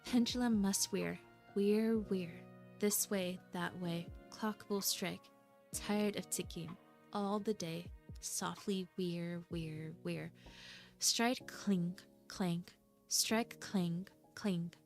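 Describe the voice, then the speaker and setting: A woman voicing an old male godfather who chants a slow, grating, monotonous clock song. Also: fairly low pitch, soft background music. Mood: droning.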